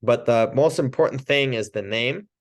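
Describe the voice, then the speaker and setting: A man's voice: medium pitch, normal speed. A man teaching a casual training session, talking loosely with restarts and short laughs. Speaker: chiropractic trainer.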